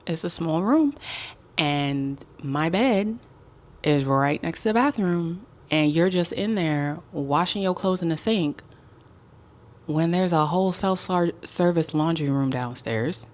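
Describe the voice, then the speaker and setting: A woman telling a casual storytime as a travel vlogger, with sassy, emphatic and animated delivery. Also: sits low, slow pace.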